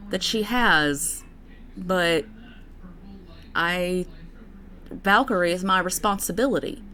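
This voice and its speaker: A woman's voice: mid-range voice, fairly bright tone. A young woman vlogging in a casual, rambling way, with many fillers and restarts. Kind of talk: casual personal chat to camera.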